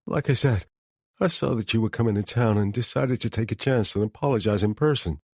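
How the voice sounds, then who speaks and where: A man's voice: fairly low pitch, brisk, darkish tone, dry recording, studio quality. A man doing a nervous apologetic older guy. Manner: weak, nervous and pleading.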